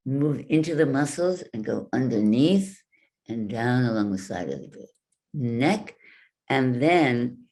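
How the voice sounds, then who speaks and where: A woman voice coach giving a workshop talk, speaking deliberately and guiding the listeners through exercises with demonstrations. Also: a bass voice, dark tone. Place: virtual workshop from home.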